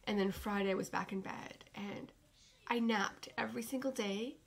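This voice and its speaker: A woman's voice: medium pitch, normal speed, vocal fry. A woman hosting a knitting podcast in casual chat, rambling and often dropping to a whisper.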